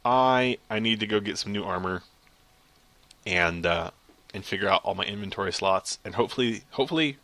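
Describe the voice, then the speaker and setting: A man giving casual, chatty commentary over his own gameplay, excitable and quick to laugh at himself. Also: fairly low pitch. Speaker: gaming video creator.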